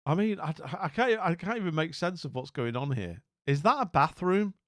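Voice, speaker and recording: A man's voice: on the high side, expressive, normal speed, no room sound, studio quality. A man streaming casually, rambling and bemused as he talks to viewers, with many restarts and asides. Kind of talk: casual live-stream commentary.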